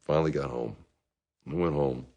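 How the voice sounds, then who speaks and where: An actor playing a middle-aged divorced dad in therapy, rambling and self-justifying in a comic monologue, with bursts of anger. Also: male voice, extremely low pitch, moderate pace, warm tone, muffled recording. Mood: self-pitying. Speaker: therapy patient.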